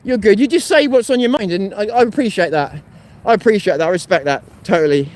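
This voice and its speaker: A man's voice: sits high, quick pace, a little mellow, rough recording. A man hosting a casual live stream while walking outdoors, talking in a rambling, blunt way and swearing freely. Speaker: host. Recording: street noise and traffic behind.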